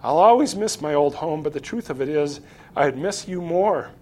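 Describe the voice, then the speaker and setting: A man doing a gentle, calm woman. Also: fairly high pitch, normal speed, voice pushed up. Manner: gentle, reassuring.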